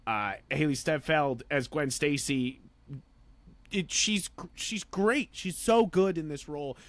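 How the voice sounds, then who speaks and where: A man co-hosting a podcast, chatting about a film in an excitable, rambling way with many fillers and restarts. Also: fairly high pitch, measured pace, dry recording. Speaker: podcast co-host. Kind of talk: casual film review chat.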